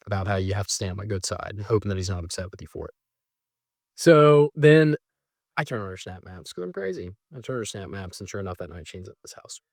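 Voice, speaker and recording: A man telling a personal story in a casual, animated way, mocking himself and jumping high when exasperated. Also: no echo, studio quality. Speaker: storyteller recounting a breakup.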